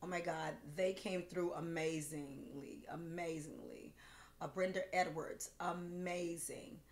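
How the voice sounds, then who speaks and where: A woman's voice: lowish voice, fairly even intonation, unhurried. A woman hosting a cooking livestream, chatting casually, with gushing, rambling thanks full of fillers, emotional and close to tears. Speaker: cooking show host. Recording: roomy echo with faint music.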